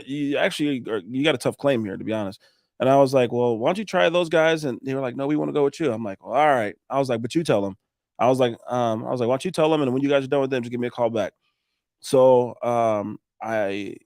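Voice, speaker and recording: A man, a roofing contractor, telling animated stories on a podcast, acting out the dialogue and swearing now and then. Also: medium pitch, no room sound, studio quality. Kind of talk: casual storytelling on a podcast.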